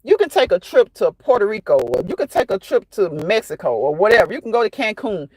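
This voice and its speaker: A woman's voice: mid-range voice, sing-song, brisk, a little mellow, husky, no echo. A woman hosting a casual livestream, chatting and fussing while she answers viewers by name. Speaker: livestream host reading chat.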